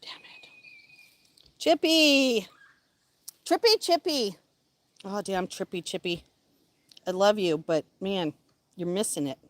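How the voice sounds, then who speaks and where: A woman vlogging outdoors, excitedly calling and cheering at a squirrel, then dropping to mutters. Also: medium pitch, slow, pauses often, no room sound. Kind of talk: casual outdoor vlog. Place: outdoors, yard near a hill road.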